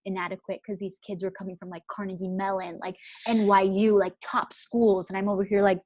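A young woman recounts a personal story in an easy, chatty flow, with "like" in nearly every phrase. Her voice sits at an ordinary middle pitch. The recording is dry and close, with almost no room sound. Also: level tone, fairly quick, a little mellow, no room sound. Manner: chatty, fills speech with "like". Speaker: guest.

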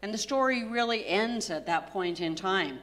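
A woman's voice: medium pitch, animated, moderate pace, a bit bright. A woman interviewing a biblical figure, asking inquisitive questions and adding thoughtful comments.

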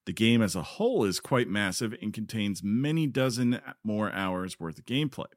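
A man's voice: fairly low pitch, lively intonation, moderate pace, no room sound, studio quality. A man co-hosting a casual gaming podcast, joking and reading news items aloud. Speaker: podcast co-host.

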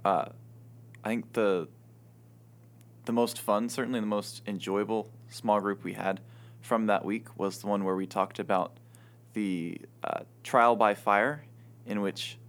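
A man's voice: lowish voice, fairly bright tone. A man leading a small group discussion, careful and hesitant with dry humor. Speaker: guest small group leader.

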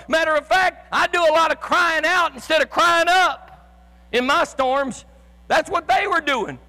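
In a large church sanctuary before a live and online congregation, a male pastor preaches with fervor. His very high, piercing voice often climbs to a shout, and he stumbles over repeated words, restarting as he presses on. A long reverb fills the space around his impassioned sermon.

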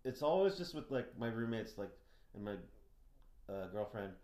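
A man's voice: on the low side, normal speed. A young man co-hosting a casual podcast, swearing freely and acting out other people's lines as he rants. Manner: swears a lot, rants with animated quoting. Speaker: podcast co-host. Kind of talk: casual profane chat. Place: house. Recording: roomy house recording.

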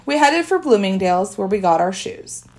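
A woman narrating a children's book in first person, expressive and storytelling. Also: mid-range voice, moderate pace. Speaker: audiobook narrator.

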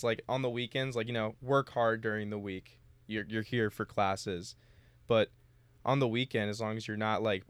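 A man's voice: fairly low pitch, smooth, dry recording. A young man, a college student co-hosting a podcast, chatting casually and acting out little scenes in his stories while swearing freely. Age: young adult. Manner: animated storytelling, acting out dialogue, swears freely. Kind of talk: casual chat.

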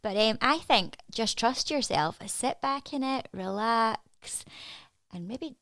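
A woman's voice: on the high side, lively intonation, takes it slowly, fairly bright tone, no room sound. Woman, Scottish accent, podcast guest, chatty, encouraging, dry sound. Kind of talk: casual chat.

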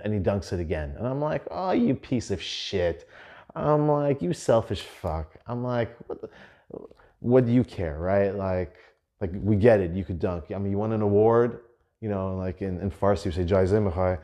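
A man with a low, dark voice hosts a podcast and tells stories in a loose, chatty way. He swears freely and fills his talk with "like" and "you know". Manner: animated, profane, lots of fillers and "I'm like". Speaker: podcast host. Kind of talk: casual storytelling.

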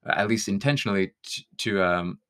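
A man's voice: on the low side, a little fast, a bit bright. A man talking as a guest in a conversation, thoughtful and searching, sometimes laughing. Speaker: guest songwriter. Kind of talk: reflective conversation.

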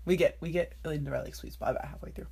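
A woman's voice: low-pitched, rapid-fire, creaky, dark tone, breathy edge. A woman co-hosting a casual podcast, cracking teasing, dry jokes. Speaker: podcast co-host. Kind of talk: casual chat.

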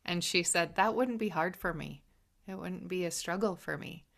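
Woman, low-ish voice, podcast host, casual, affirming. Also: moderate pace, creaky. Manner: warm, affirming listener. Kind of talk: casual conversation.

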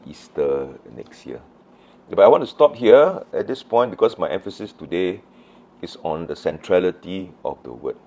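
Low-voiced Malaysian pastor preaching. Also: male voice, highs cut off. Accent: Malaysian English. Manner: animated storytelling, acts out voices of disciples. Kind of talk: sermon.

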